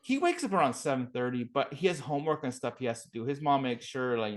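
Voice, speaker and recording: A man hosting a casual podcast, rambling through a story with plenty of profanity. He slips into quoted voices as he talks, with a middle-of-the-road pitch. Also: lively intonation, fast, few pauses. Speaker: podcast host. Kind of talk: casual chat.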